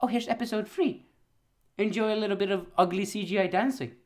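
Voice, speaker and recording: A man's voice: sits high, fast, darkish tone, natural voice. A man voicing a personified anime studio in a mock French accent, falsely soothing and coaxing in a sing-song tease. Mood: teasing.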